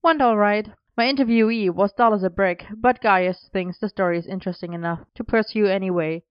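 A woman's voice: medium pitch, a little fast, clear, resonant tone, no echo, highs cut off, close to an everyday voice. A woman voicing a cheeky, playful young man who teases his friends, in a storybook reading. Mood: breezy. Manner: teasing, lightly cocky.

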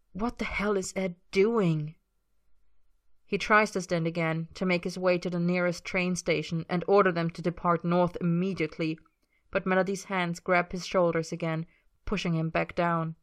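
A woman reading a story aloud in a measured, emotive way. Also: on the low side. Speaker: story reader. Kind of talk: audiobook-style fiction reading.

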